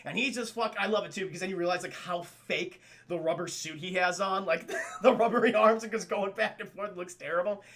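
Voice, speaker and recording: A man reviewing a film live for his chat, excitable and profane, often calling out to the chat as he goes. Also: high voice, a little fast. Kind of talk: casual live-stream film breakdown.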